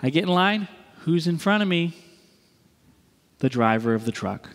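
Animated pastor in a reverberant church hall. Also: male voice, on the high side, normal speed. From US East Coast. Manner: animated, acts out quotes, jokey then earnest. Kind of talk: sermon with storytelling and closing prayer.

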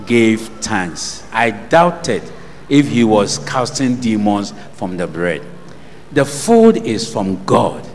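Animated Ghanaian preacher man. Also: lowish voice, takes it slowly, in a large hall, slight background noise. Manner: call-and-response preaching, asking the congregation questions. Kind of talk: sermon.

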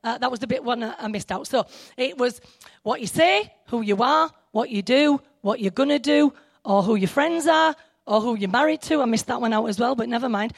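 An excitable woman preacher, her high voice swooping up and down as she breaks off into asides. The sound is dry and close. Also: fairly quick, no room sound. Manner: animated, excitable, self-interrupting with asides. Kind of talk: sermon.

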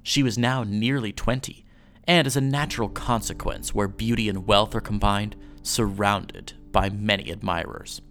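A man hosting a podcast, reading an old newspaper story aloud in a measured storytelling way. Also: lowish voice, fairly even intonation, a bit bright, faint music behind.

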